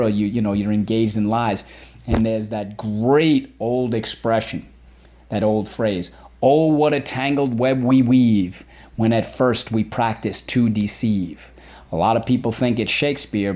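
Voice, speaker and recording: A man's voice: fairly low pitch, a little mellow. A middle-aged man teaching a spelling lesson to children, repeating words and sounding out their syllables.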